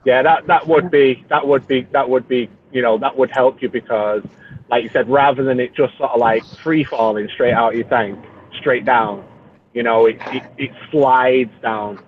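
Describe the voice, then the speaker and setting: A man's voice: medium pitch, fairly even intonation, normal speed, slight background noise. A man in casual chat from a car, rambling along with lots of fillers and restarts. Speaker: reef-keeping chat participant. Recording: tinny phone-line sound.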